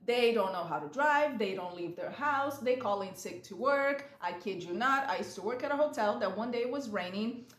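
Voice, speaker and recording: A woman's voice: on the high side, expressive, moderate pace, roomy sound. A woman vlogging in a chatty, rambling way, retelling movie scenes with animation. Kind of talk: casual chat. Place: lives in San Diego.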